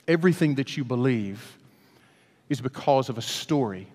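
A man from Alabama, preaching a storytelling sermon in a folksy, animated way. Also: mid-range voice, moderate pace. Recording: long hall reverb.

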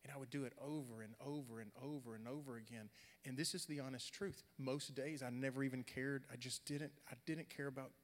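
A young adult man preaching a sermon, swinging from loud, animated storytelling to quiet, earnest talk. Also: mid-range voice, brisk, hardly any pauses. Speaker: pastor. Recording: long hall reverb.

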